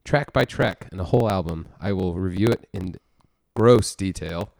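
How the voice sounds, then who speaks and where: A man's voice: deep voice, normal speed, gravelly, darkish tone, dry recording. A man from Texas co-hosting a casual music podcast, rambling and self-mocking with lots of fillers and restarts. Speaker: podcast co-host.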